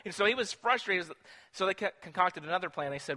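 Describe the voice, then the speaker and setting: A man preaching a sermon in a church, telling a story in an animated way, acting out voices and putting questions to the congregation. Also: high-pitched, quick pace. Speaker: pastor. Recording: long reverb in a church hall.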